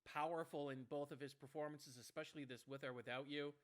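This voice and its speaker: A man's voice: on the high side, fairly even intonation, brisk. A man co-hosting an online karaoke show in casual livestream chat, effusive and rambling with many restarts.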